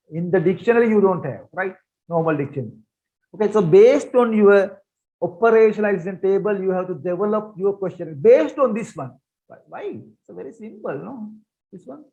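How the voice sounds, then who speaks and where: This is a man with a fairly high voice, teaching research methods in an online lecture. He talks casually, repeats himself for emphasis and asks the class questions. The sound is dull and lo-fi, like audio from a video call. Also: warm tone. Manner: repetitive, rhetorical questions, conversational teaching. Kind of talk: online lecture with shared slides.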